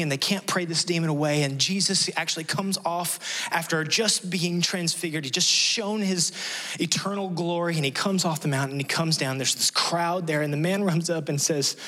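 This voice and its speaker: A man's voice: fairly high pitch, pushed and bright. A middle-aged male pastor preaching an impassioned sermon in a church, acting out the voices of the people in the story he tells. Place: church sanctuary.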